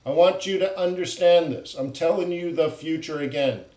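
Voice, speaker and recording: Blunt, animated man in a roomy room. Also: on the high side, normal speed. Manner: animated, blunt, acts out traders' voices in loud mocking bursts. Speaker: forex trading host. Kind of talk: live-stream market commentary.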